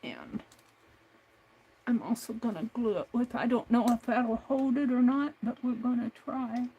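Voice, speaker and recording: A woman's voice: on the high side, a little slow, dark tone, breathy edge. Chatty woman crafting at her desk. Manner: chatty, talks herself through each step. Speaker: craft channel host. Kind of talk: casual crafting livestream narration.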